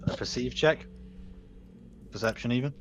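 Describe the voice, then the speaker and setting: A man's voice: mid-range voice, normal speed, soft background music. A young man running a tabletop game as game master, describing scenes casually with frequent restarts.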